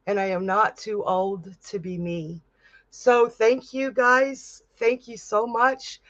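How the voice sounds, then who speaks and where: A middle-aged woman hosts a live-stream psychic reading, chatty and heartfelt, laughing often. She speaks slowly and takes her time. The stream audio is dry and dull, like a lo-fi recording. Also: mid-range voice, fairly bright tone, no echo. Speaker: psychic medium host.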